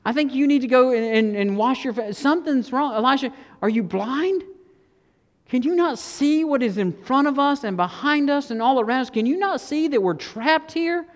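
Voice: high-pitched, animated, long reverb tail, pitched above the performer's own voice. A preacher acting out a panicked servant. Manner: frantic rapid questioning. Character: panicked young male servant, frantic.

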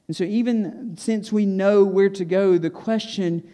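A man's voice: high voice, steady tone, a little slow, warm tone. A man preaching a sermon as pastor, retelling a scripture story with voiced characters and emphatic asides.

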